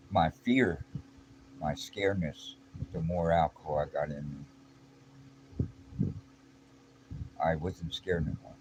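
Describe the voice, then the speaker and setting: A middle-aged man telling a personal story in a blunt, streetwise, casual way, full of slang and restarts. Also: low voice. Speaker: vlogger. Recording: clear background noise.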